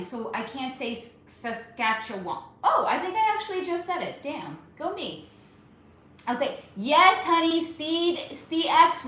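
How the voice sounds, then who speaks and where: A woman's voice: a little high, a bit bright. Chatty woman in an echoey room. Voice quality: chatty, frequent swearing, calls viewers honey. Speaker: livestream host. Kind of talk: casual live-stream chat reading comments. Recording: very echoey room, faint background hum.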